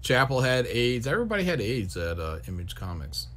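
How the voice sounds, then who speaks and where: A man co-hosting a casual comic review stream, trading jokes and quick asides. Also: medium pitch, very animated, over a noisy crowd. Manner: joking banter, quick asides. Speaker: co-host. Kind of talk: casual chat on a livestream.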